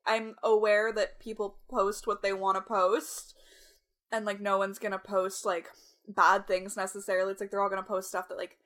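A woman's voice: mid-range voice, little pitch movement, normal speed, a bit bright. Chatty young woman podcast co-host. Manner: chatty, heavy use of "like", frequent laughs. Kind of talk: casual chat.

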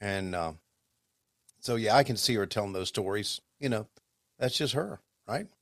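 A man co-hosting a podcast, chatting casually and telling rambling stories with many halting restarts. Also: lowish voice, expressive, no echo, clean studio sound. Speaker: podcast co-host, former wrestling commentator. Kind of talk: casual chat.

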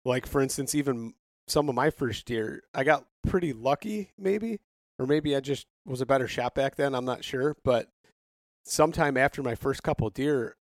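Male host, mid-pitch, chatty and laughing, dry close sound. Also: normal speed, dry recording. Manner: chatty storyteller, laughs often. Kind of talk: casual chat.

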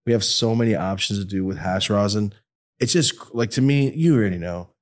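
A man's voice: fairly low pitch, a little fast. A young man chatting casually as a podcast guest, telling loose, rambling stories. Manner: laid-back, rambling storyteller. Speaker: podcast guest, product maker. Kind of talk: casual chat.

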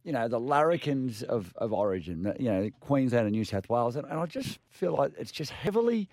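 A man with an Australian accent co-hosting sports radio, asking long halting questions full of restarts. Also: medium pitch, very animated, a little mellow. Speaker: radio co-host. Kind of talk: casual radio chat. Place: radio studio.

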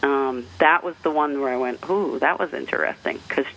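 A man's voice: mid-range voice, normal speed, creaky, a bit bright, slight background noise. A man from the northeastern United States calling in to a talk show, telling a personal story in a rambling way with restarts and light laughs. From New Hampshire, northeastern US. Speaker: caller. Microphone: telephone. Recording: tinny phone line.

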